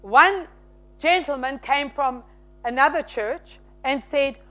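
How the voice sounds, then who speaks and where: A woman preaching a sermon, from South Africa, telling stories in an animated, emphatic way. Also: high voice, takes it slowly, muffled recording. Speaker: pastor's wife and church leader.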